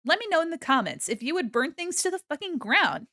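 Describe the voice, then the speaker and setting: A young woman chatting casually on a livestream while she draws, swearing freely, laughing often and softly singing along. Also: very high-pitched, very animated, brisk, no room sound, studio quality. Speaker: streamer.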